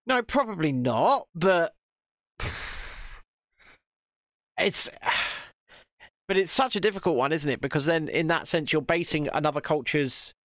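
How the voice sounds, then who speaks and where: A man's voice: fairly high pitch, expressive, unhurried, long pauses, fairly bright tone, no room sound, clean studio sound. A man hosting a casual podcast, rambling and joking with swearing. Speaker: podcast host. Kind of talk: casual chat.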